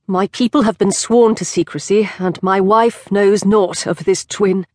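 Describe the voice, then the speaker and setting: A woman's voice: mid-range voice, fairly even intonation, measured pace, darkish tone, no echo, clean studio sound, lightly acted. A woman voicing a desperate nobleman, a grieving father who pleads and commands in turn, for an audiobook. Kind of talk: audiobook character voice.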